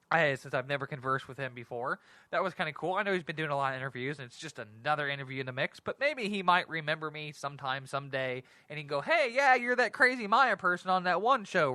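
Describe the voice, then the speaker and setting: A man hosting a casual solo talk show, rambling and excitable, often laughing at himself. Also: a little high, dry recording. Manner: rambling, giggly, self-deprecating; excitable and animated. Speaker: podcast host.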